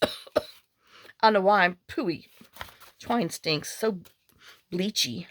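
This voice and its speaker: Speaking slowly in a mid-range voice, this woman vlogger makes a journal while chatting casually. She rambles through stories and mutters to herself as she works on her craft.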